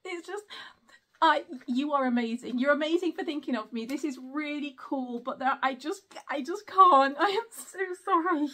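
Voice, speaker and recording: A high-pitched woman talks casually to camera while unboxing at home. She is chatty and giggly and keeps apologizing. Her voice is picked up by a camera mic in a room. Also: fairly bright tone. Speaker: vlogger.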